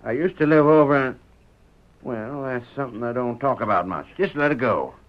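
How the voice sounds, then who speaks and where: A man's voice: mid-range voice, expressive, normal speed, lightly acted. A man playing Fish Eye, a folksy town loafer. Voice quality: folksy drawl, rustic slang. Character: lazy male small-town loafer, sly and simple. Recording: muffled old radio broadcast.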